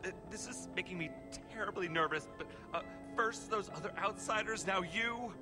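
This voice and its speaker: A man's voice: sits high, normal speed, over music, lightly acted. An actor playing a jittery, nervous male townsperson in a story video game, stammering and flustered.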